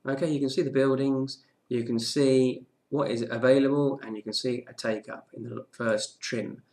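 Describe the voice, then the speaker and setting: A man talks through the day's property deals in a relaxed, informal update and keeps dropping in "okay" as he moves along. His voice has a gravelly edge at an ordinary middle pitch. He sounds like a regular presenter walking viewers through his own screen. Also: normal speed. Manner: chatty, many "okay"s and restarts. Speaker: property market news presenter. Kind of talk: casual daily market update with screen walkthrough.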